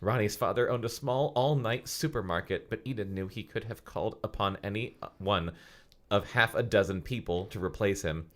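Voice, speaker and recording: A man's voice: on the low side, moderate pace, a bit bright. A man co-hosting a comedy podcast, reading a novel aloud between sarcastic, profane asides.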